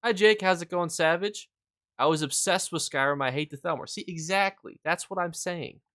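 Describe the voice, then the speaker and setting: A man's voice: a little high, moderate pace, a bit bright, no echo, clean studio sound. A young man streaming a game, telling rambling stories in casual chat and answering his viewers. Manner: rambling, filler-heavy storytelling; reads and answers chat while playing.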